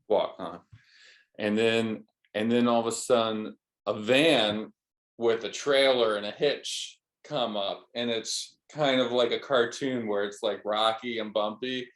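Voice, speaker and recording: A man chatting casually, telling a rambling travel story with many fillers and restarts. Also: fairly low pitch. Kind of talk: casual chat.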